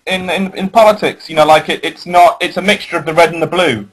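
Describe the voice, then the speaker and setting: A man's voice: fairly high pitch, fast, fairly bright tone, low-quality recording. A man on a talk radio panel explaining terms, with hesitant restarts. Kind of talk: casual talk radio banter.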